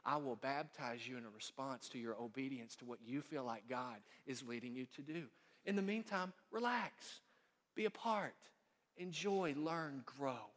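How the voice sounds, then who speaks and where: A man voicing a frank, gentle Scottish male pastor in an attempted Scottish accent, giving calm counsel, with long church reverb. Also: medium pitch, moderate pace, close to an everyday voice.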